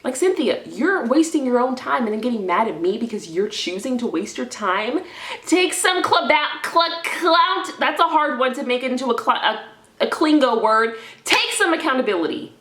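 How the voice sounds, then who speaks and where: A young woman vlogging in a stressed, rambling confessional, swinging from low mumbling to loud indignant outbursts and slipping made-up words into her speech. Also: expressive, moderate pace. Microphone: camera in front of her. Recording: echoey room.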